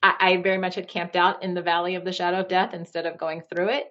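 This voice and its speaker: A woman's voice: fairly low pitch, little pitch movement, fast, a bit bright. Candid woman coach, slightly muffled audio. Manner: candid, uses many fillers like "you know". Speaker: guest, marriage coach. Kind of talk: podcast interview storytelling.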